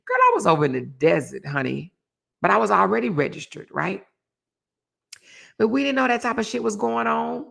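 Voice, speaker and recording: A middle-aged woman, hosting a casual live stream and telling a story, acting out quoted voices with sudden high jumps. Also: normal speed, creaky, long pauses. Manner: animated storyteller, acts out quoted voices with big pitch jumps. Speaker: host of a live relationship talk show.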